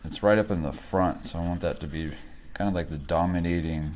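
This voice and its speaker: A man with a very low voice narrates his portrait drawing live, thinking out loud about shadows and edges. He is relaxed and rambling, pausing to chat with viewers and laugh. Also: slight background noise. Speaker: art instructor livestreaming a drawing. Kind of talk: casual thinking-aloud drawing commentary. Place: home art studio.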